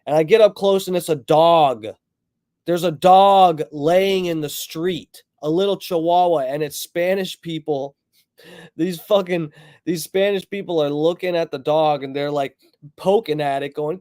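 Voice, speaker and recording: A man's voice: a little high, unhurried, darkish tone, no room sound, studio quality. A man streaming, telling a long story in a rambling way, swearing constantly. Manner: rambling, heavily profane storytelling.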